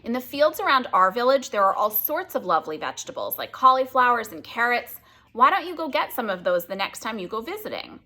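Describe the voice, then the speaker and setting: A woman's voice: fairly high pitch, very animated, fairly quick, sharp tone, voice pushed up, full character voice. A woman voicing a polite, curious little girl in a children's book read aloud. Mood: earnest. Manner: polite, questioning.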